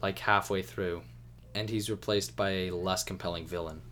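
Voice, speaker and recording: A man guesting on a podcast in casual chat, criticizing in an animated, exasperated way. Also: sits low, moderate pace, a little hiss or hum.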